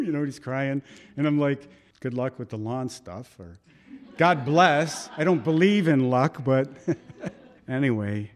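A male pastor preaching a sermon in a conversational, storytelling way, acting out voices in his anecdotes. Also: medium pitch.

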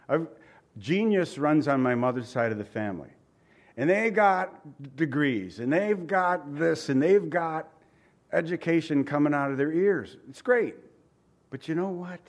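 A man preaching a sermon in a relaxed, conversational way. He keeps asking his listeners rhetorical questions. When he reads scripture aloud, he slows down and leans on the words. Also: fairly high pitch. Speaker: pastor.

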